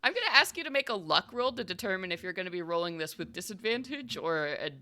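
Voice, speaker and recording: A woman's voice: lowish voice, animated, fast talker, pushed and bright. A woman narrating and explaining rules as game master of a tabletop horror game, in a chatty, explanatory way with many fillers.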